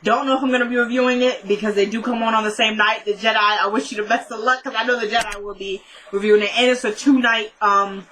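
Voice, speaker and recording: Bright-voiced chatty young woman vlogger. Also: fairly high pitch, fast, hardly any pauses. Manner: chatty and excitable, rambling with many "like"s. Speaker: TV show reviewer. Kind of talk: casual episode recap vlog.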